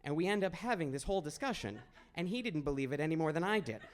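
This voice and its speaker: A man's voice: a little high, animated, fast talker. A young man from Maine telling a personal story at a live storytelling event, in a conversational, wry, self-deprecating way. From Maine, USA. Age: 20s. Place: small stage at a storytelling event.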